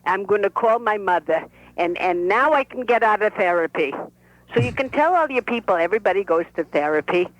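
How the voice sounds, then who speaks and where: A woman's voice: mid-range voice, lively intonation, a little fast, no room sound, pitched above the performer's own voice, natural voice. A woman voicing a pushy, chatty elderly grandmother with a Brooklyn and Yiddish-tinged accent, heard over a dull telephone line. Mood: boastful, chatty. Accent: Brooklyn with Yiddish inflection. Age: older. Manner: brash, folksy, talks over people. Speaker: playwright performing her character.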